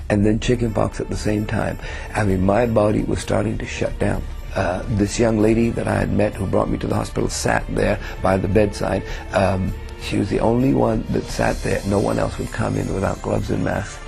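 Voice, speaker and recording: A man's voice: on the low side, flat delivery, moderate pace, vocal fry, darkish tone, faint music behind. A man from England giving an earnest personal testimony, telling his story with many fillers. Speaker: testimony speaker.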